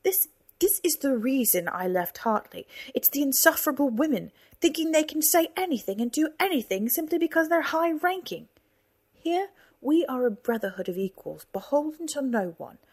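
A woman voicing a domineering, arrogant male fort leader who blusters and shouts scornfully, in a storybook reading. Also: mid-range voice, animated, moderate pace, husky. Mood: boastful.

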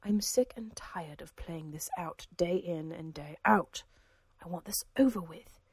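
A woman's voice: on the low side, unhurried, darkish tone, slightly rough, no echo. Woman reading as a spiteful, whiny aristocrat in a storybook, hissing his demands. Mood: impatient. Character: older nobleman, whiny and spiteful.

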